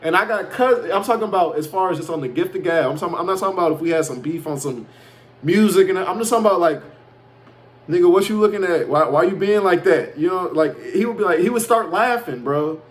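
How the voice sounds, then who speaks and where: A man's voice: high-pitched, expressive, quick pace. A man from Chicago boasting and ranting in a rambling casual monologue, swearing freely. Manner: boastful, profane, defiant. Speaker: self-proclaimed prophet vlogger.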